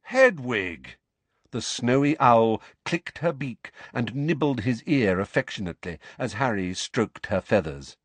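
A man narrating an audiobook in a measured, expressive way, close to the mic. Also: mid-range voice, husky, no echo. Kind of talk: scripted narration.

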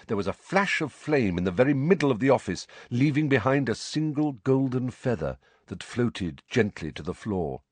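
A man narrating a story in a measured, expressive way. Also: mid-range voice, husky, dry recording. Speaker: audiobook narrator. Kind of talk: scripted narration.

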